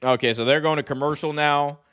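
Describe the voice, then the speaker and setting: A man hosting a live wrestling watch-along, talking in an excitable, slangy way and laughing often. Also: on the high side, fairly quick, clean tone. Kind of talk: live reaction commentary.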